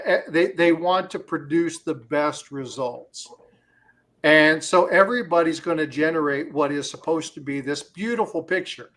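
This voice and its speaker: A man's voice: a little high, a bit bright. A man hosting a casual livestream, talking in a rambling way with many fillers and telling stories. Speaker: crypto livestream host.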